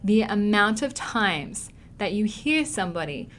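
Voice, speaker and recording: Australian woman, acting teacher, emphatic, repeats words for stress, faint rumble behind. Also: big pitch swings, a little slow, fairly bright tone. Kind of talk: online acting lesson.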